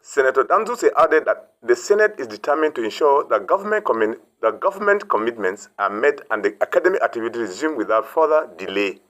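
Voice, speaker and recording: A man's voice: medium pitch, big pitch swings, fast talker, hardly any pauses, a bit bright, rough recording. A man delivering a scripted news report as correspondent in a formal way.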